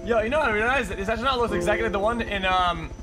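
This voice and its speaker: A male streamer reacting live, excitable and repeating words in quick bursts. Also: high voice, over music.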